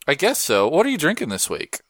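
Chill podcast dude, voice jumps all over, dry close mic. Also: male voice, quick pace, no room sound. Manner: laid-back, slangy, swings up in pitch when excited. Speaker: podcast host. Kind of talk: casual chat.

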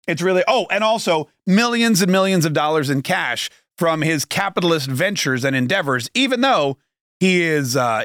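A man's voice: on the high side, fairly bright tone, dry recording, clean studio sound. A man hosting a podcast, delivering rambling, mocking political commentary that often corrects itself mid-sentence. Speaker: podcast host.

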